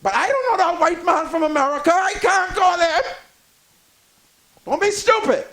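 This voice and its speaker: An older man from the Bahamas with a Bahamian accent, a guest on a talk show. He tells stories emphatically, in a preachy way, and sometimes rises to a shout. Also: very high voice, animated, normal speed, rough recording. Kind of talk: talk radio discussion.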